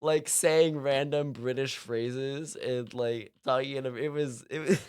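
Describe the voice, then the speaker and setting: A young man from California chats casually while streaming a game, rambling with lots of fillers and frequent laughs. His mid-range voice is clear, resonant and darkish, with fairly even intonation and a slightly slow pace.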